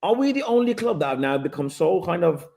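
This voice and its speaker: A man with a somewhat high voice argues on a casual football panel. He presses his case steadily and interrupts to keep the floor. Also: big pitch swings, brisk, creaky, a little mellow. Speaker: guest pundit.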